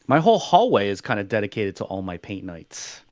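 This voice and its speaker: A man hosts a relaxed podcast, laughing at himself as he tells small stories. His pitch is mid-range but very lively. The recording is dry and close. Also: a little fast, no room sound. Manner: self-mocking, laughs easily. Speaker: host. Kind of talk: casual podcast chat.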